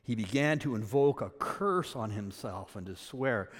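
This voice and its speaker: A man from Canada preaching a sermon. He swings between loud, emphatic peaks and quiet asides. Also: on the low side, expressive, a little slow, few pauses, long reverb tail. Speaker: pastor.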